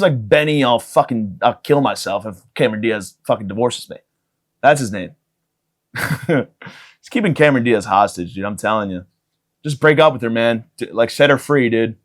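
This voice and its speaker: A man's voice: mid-range voice, animated, moderate pace, long pauses. A man in his thirties hosting a podcast, riffing alone in a profane, self-mocking comedic monologue. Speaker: podcast host.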